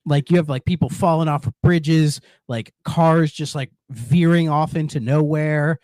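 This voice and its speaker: A man's voice: fairly high pitch, a little slow, darkish tone, no echo, studio quality. A man co-hosting a podcast in casual chat, rambling with many restarts and fillers. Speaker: podcast co-host.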